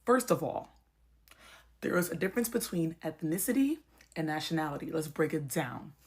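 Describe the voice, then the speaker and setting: A fairly low-pitched woman from the United States rants straight to camera. She argues point by point and keeps checking in with rhetorical questions. She sounds casual and heated. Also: animated, moderate pace, a little mellow. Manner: argumentative, explaining step by step, rhetorical questions. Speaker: social media creator. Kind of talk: ranting to camera.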